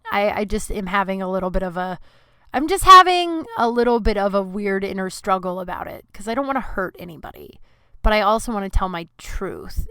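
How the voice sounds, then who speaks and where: A woman's voice: mid-range voice, bright, forceful tone, clean tone, dry recording. A woman hosting her podcast, telling a rambling, profane, self-deprecating story in a casual monologue. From Colorado. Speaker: podcast host.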